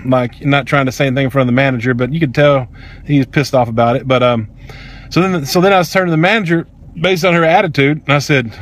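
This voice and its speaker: A man with a drawl tells a personal story in a vlog, talking fast and fired up. His voice sits a bit high for a man, and he speaks in a heated, profane, emphatic way. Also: a bit bright. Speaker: vlogger.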